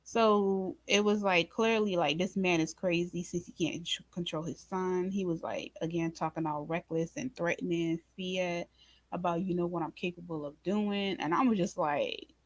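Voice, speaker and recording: A woman hosting a casual recap of a drama episode, speaking to viewers in an informal, expressive way and acting out her own reactions. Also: fairly low pitch, normal speed, no room sound. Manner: animated, talks to viewers as "y'all" and "baby"; acts out her own reactions in quoted asides. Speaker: reaction channel host.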